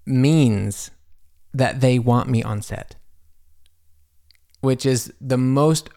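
Podcast host, male, gravelly mid-range voice, rambling storyteller from a home studio. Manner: animated, jumps high when quoting himself; rambling with restarts and asides. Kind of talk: casual storytelling monologue.

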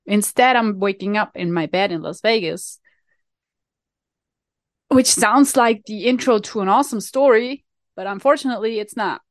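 A woman's voice: medium pitch, normal speed, dry recording. A young woman from Switzerland, chatting casually to her viewers and telling a self-mocking story with lots of fillers and restarts. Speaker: vlogger.

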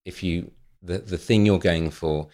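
A man as a podcast guest, hesitant and halting with many ums, with dry self-mocking humor. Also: low-pitched, steady tone, a little mellow. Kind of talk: podcast conversation.

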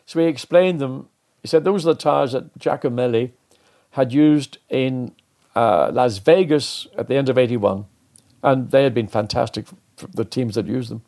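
A man's voice: mid-range voice, normal speed. Older man telling a racing story. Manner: animated, acts out quoted dialogue. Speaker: interview guest, former racing driver. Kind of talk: anecdotal storytelling.

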